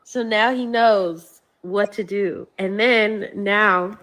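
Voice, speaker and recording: A woman's voice: mid-range voice, fairly even intonation, takes it slowly, a bit bright. A woman, a mother, telling a casual story in a clip, full of "like" fillers. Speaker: young mother.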